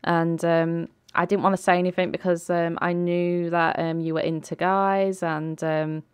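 Nervous twentysomething woman, halting and earnest, voiced by a woman with a smooth low voice. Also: level tone, no room sound, close to an everyday voice. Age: 20s. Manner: hesitant, full of ums. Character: anxious young woman confessing feelings.

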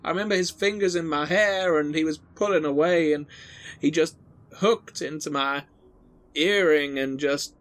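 A man's voice: fairly high pitch, moderate pace, fairly bright tone, voice pushed up, close to an everyday voice. A man voicing a terrified young woman who stammers and sobs through her story. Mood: hysterical. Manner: hysterical, stammering, crying.

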